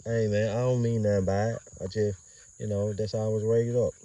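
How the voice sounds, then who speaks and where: Low-voiced man rambling loosely outdoors. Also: little pitch movement, fairly quick, mellow, recorded from a distance. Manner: loose, rambling street talk with laughs. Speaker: dog breeder filming his kennel. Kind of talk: casual outdoor vlog narration.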